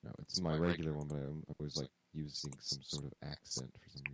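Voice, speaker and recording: A man's voice: a bass voice, little pitch movement, fast talker, a little hiss or hum. A young man chatting and joking while playing a game, teasing on purpose. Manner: jokey and teasing, playfully annoying. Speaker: co-player. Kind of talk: casual chat while playing.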